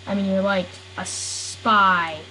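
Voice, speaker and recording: A woman's voice: mid-range voice, fairly even intonation, takes it slowly, bright, forceful tone, slight background noise, poor audio. A woman improvising a silly story, rambling and giggling, and often stopping to correct herself.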